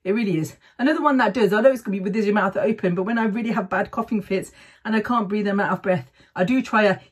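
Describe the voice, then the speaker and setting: A middle-aged woman speaks in a relaxed, chatty way, sharing practical tips and often pausing for a quick "okay?". Her voice sits at an ordinary pitch and has a breathy, slightly husky edge. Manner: chatty, keeps adding "okay?". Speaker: vlogger sharing health tips. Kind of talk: casual advice talk to camera.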